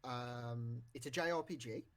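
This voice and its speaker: A man's voice: medium pitch, measured pace, slight background noise. A man co-hosting a casual podcast, rambling with lots of fillers and restarts, currently with the hiccups. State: has the hiccups. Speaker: podcast co-host.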